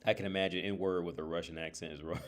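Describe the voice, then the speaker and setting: A man with a lowish voice tells a story on a casual livestream. He rambles, restarts his sentences and leans on filler words as he talks. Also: steady tone, fast. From United States. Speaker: streamer and therapist.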